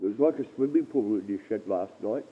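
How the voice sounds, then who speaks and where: A man rambling and halting through a casual livestream chat from a dark shed, often repeating himself and swearing. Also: lowish voice, slightly rough. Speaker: live streamer. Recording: tinny phone-like stream audio.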